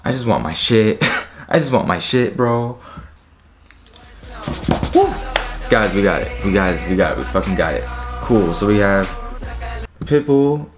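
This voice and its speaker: Talking at a normal pace in an animated way, a young man with a deep, low voice vents to viewers about an online checkout. The streetwear vlogger swears and sounds frustrated and exasperated throughout his casual live commentary, with soft music faintly in the background.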